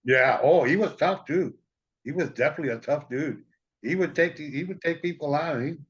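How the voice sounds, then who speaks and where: A man's voice: fairly high pitch, moderate pace, slightly rough. Joking man on a dull lo-fi line. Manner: jokey, laughs often. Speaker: co-host. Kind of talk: casual chat.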